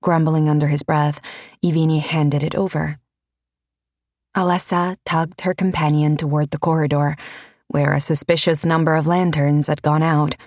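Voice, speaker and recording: A woman narrating a fantasy audiobook in a measured, unhurried storytelling manner. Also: sits low, level tone, a little mellow, no echo.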